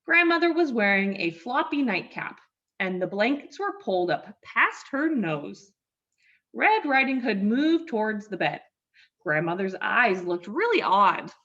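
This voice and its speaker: A woman reading a fairy tale aloud at a slow, careful pace, her voice bright and lively in its rises and falls. The recording sounds slightly dull, like a modest home setup. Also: medium pitch. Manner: expressive, slow, clear. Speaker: storyteller. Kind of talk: storybook read-aloud for learners.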